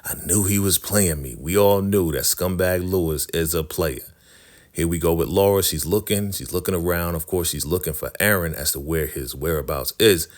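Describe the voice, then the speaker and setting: A man casually recapping a TV episode, retelling scenes and acting out the characters' lines in quick, chatty bursts. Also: low-pitched.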